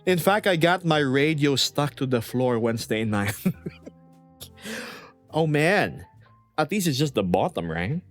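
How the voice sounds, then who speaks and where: Man, livestream chat, playful rambling, reads chat aloud, animated pitch, faint background music. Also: a little slow, long pauses. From United States. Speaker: VRChat streamer.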